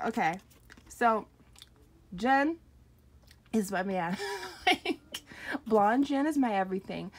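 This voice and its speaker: A young woman unboxing an album on camera, gushing and giggling with lots of excited exclamations. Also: medium pitch, slow, pauses often, slight background noise. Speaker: unboxing vlogger. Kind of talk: excited casual unboxing chat.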